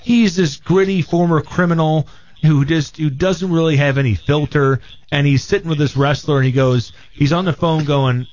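Man, fairly high voice, animated film review, casual radio talk, dull lo-fi sound. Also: moderate pace. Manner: animated, acts out quotes.

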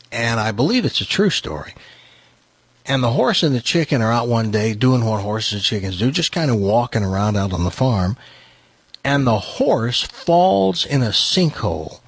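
A man's voice: mid-range voice, breathy edge, no room sound. A man hosting a radio talk show, telling jokes and stories. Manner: animated storyteller with lively voices. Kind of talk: joke-telling radio banter.

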